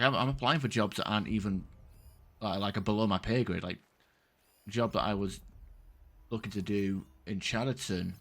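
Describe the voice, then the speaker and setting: A man's voice: fairly low pitch, a bit bright. Frustrated man venting while gaming. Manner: rambling, frustrated venting with swearing. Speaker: streamer. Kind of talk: casual gameplay chat.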